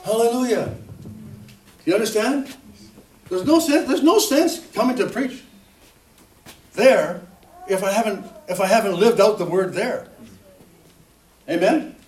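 A middle-aged male preacher with a fairly high voice delivers a chatty, self-mocking sermon, peppered with amens and hallelujahs. He sounds set back from the microphone, so the church hall's echo hangs around every phrase and adds a roomy ring. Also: animated, measured pace, long pauses, a little mellow. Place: church hall. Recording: roomy echo, distant mic.

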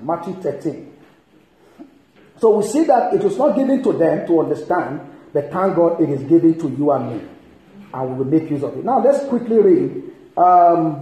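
A man preaching a sermon, emphatic and animated, reading and expounding scripture. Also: on the high side. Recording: echoey hall.

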